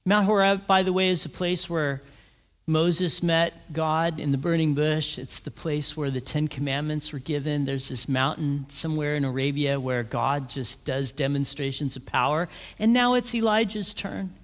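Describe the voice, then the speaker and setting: A man preaching a sermon, animated and asking his congregation questions. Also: a little high, normal speed, big-room sound. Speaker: pastor.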